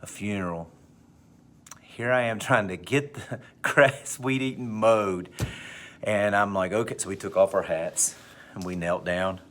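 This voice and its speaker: A male teacher telling a personal anecdote to his class, with big animated swings in pitch and pace. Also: unhurried. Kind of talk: storytelling in class.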